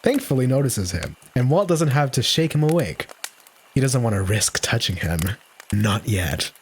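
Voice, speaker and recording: A man's voice: mid-range voice, very animated, normal speed, a little hiss or hum. A man streaming a comedic story reading, giggling and breaking into laughter often.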